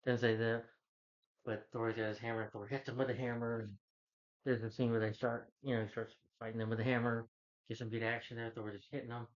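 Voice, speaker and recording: Casting: male reviewer, average pitch, rambling casual plot recap, dull lo-fi audio. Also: level tone, a little fast. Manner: rambling, loose retelling full of "like" and "you know". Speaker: movie reviewer.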